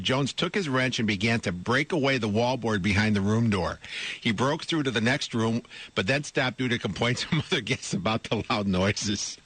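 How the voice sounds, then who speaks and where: This middle-aged man, whose voice sits at medium pitch with a fairly bright tone, hosts a radio talk show from a studio. Reading a news item aloud on a studio microphone, he laughs in disbelief, poses rhetorical questions to his audience, and keeps repeating himself.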